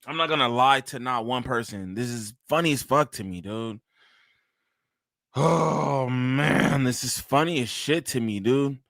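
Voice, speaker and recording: His voice is mid-range, unhurried, and gravelly yet fairly bright as he hosts a live-stream reaction. Speaking loosely and profanely into a close mic, he breaks into bursts of laughter, and there's no room sound.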